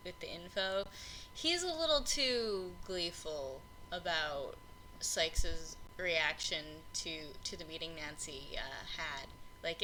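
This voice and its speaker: Young woman podcast host, bright and sharp-edged tone, loose exasperated rant with lots of fillers and cursing, faint hiss in the background. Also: mid-range voice, low-quality recording. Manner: rambling, frequent fillers, exasperated, swears freely. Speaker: podcast host reviewing film adaptations. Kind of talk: unscripted casual rant.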